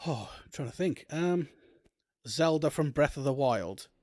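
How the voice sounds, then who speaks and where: A man's voice: fairly high pitch, lively intonation, a little slow, darkish tone, no room sound, studio quality. A man streaming a game, chatting in a giggly, rambling, self-mocking way. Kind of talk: let's play commentary.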